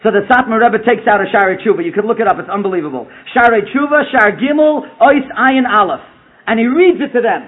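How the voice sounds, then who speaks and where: A man telling a story to a live audience in an animated way, sprinkling in Yiddish and Hebrew words. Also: high voice, a little fast. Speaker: public speaker. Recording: tinny phone-like sound.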